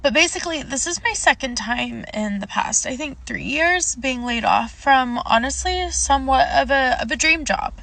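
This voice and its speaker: A woman's voice: high-pitched, animated, normal speed, creaky, hardly any pauses, sharp tone. Emotional young woman, candid vlog. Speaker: recruiter. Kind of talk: personal vlog talk to camera.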